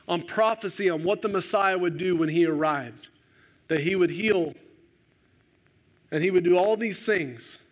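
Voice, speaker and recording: Preaching a sermon, this male pastor speaks on the high side, alternating between lively questioning and quiet, slow emphasis.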